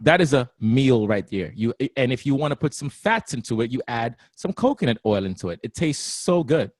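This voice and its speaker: A man talking casually as a guest trainer, animated and often laughing, acting out other people's voices. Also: medium pitch, normal speed, no room sound. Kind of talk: casual interview talk.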